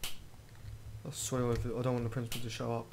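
A man's voice: medium pitch, monotone, moderate pace, creaky, slight background noise. A man doing gameplay commentary, jumpy and exclaiming, muttering mild swears. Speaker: gamer.

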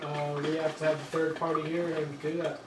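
A young man playing a therapist in an amateur short film. He talks haltingly, with many ums and uhs. The mic is far off, and the room is echoey and noisy. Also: a little high, flat delivery.

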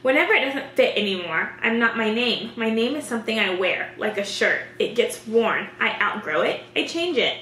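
A woman's voice: a little high, lively intonation, moderate pace, hardly any pauses, a bit bright, roomy sound, slight background noise, rough recording. A woman reading the lines of a cheerful, dreamy teenage girl in a light, breezy way.

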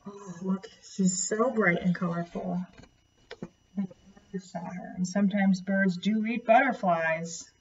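A woman reading a picture book aloud to a child, gently pointing out and explaining the pictures. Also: mid-range voice, fairly even intonation, unhurried, distant mic, highs cut off, slight background noise. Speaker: storyteller.

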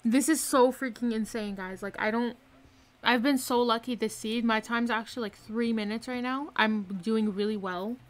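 A woman streaming a game live from her room, excitedly commenting and repeating herself with hyped exclamations. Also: fairly high pitch, normal speed. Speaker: gaming streamer.

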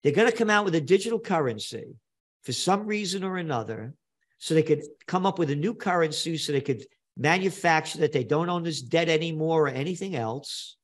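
A man's voice: fairly high pitch, lively intonation, a little fast. Blunt older New man. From New York. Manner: emphatic, blunt, repeats phrases for effect. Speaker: guest. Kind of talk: animated storytelling interview talk.

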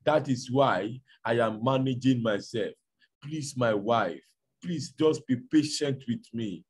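A man voicing a patient, loving husband who gently pleads with his wife. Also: a little high, animated, a little slow, husky, pitched above the performer's own voice. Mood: tender pleading. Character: patient loving poor husband, soft-spoken.

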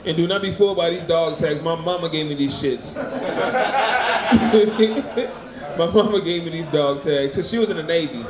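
High-voiced man doing crude stand-up. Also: lively intonation, measured pace, pauses often. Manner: loud, crude, laughing at his own jokes. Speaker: stand-up comic. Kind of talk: stand-up set. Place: small open mic venue. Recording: echoey room with crowd.

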